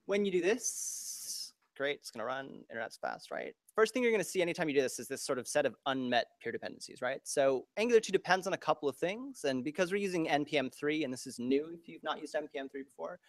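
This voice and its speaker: A man giving a live-coding talk, explaining in a quick, loose way full of fillers like "like" and "right?". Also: fairly high pitch, expressive, no room sound. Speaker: speaker doing live coding.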